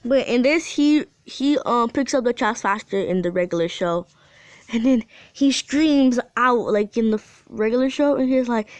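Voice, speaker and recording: A woman's voice: on the high side, dry recording. A woman rambling through a fan story retelling, with many fillers and restarts.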